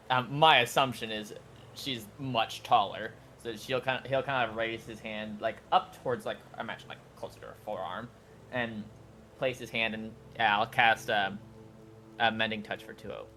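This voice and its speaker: A man's voice: fairly low pitch, fairly even intonation, normal speed, sharp tone, slight background noise. A man playing in a tabletop game, chatting casually and correcting himself as he goes. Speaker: player.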